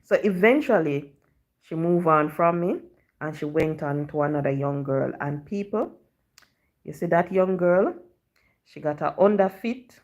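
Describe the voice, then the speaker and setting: A woman's voice: low-pitched, a little slow. A Jamaican woman telling a story to her live-stream viewers in chatty patois, often dropping in "you know".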